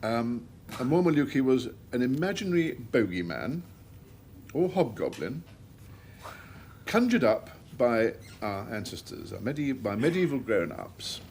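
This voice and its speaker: Man guest on a panel show, measured delivery, lively pitch, faint noise. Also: vocal fry. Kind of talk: storytelling a definition.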